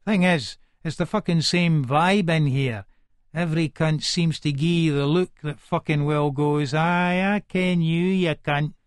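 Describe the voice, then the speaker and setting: A volatile Edinburgh hardman, played by a man, narrates an audiobook in a thick Scots accent, aggressive and swearing in every breath. His voice sits a touch high for a man. The recording is close and dry, with no room sound. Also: measured pace, no room sound, lightly acted. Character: volatile violent Edinburgh hardman, paranoid and foul-mouthed. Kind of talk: first-person audiobook narration.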